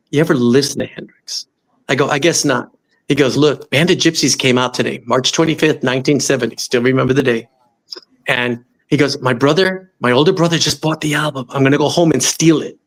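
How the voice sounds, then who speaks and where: A middle-aged man from Los Angeles tells a long story as a guest on an interview show. His voice sits a little high for a man. He talks casually and acts out the voices of the people in his story. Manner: animated, acts out quoted voices. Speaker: musician guest.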